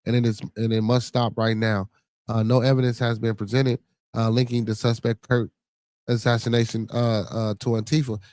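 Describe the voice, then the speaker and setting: A man's voice: mid-range voice, flat delivery, moderate pace, darkish tone, no room sound. A man with a Chicago accent hosting a podcast, chatting casually in a rambling, profane way and reading news stories aloud. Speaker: podcast host.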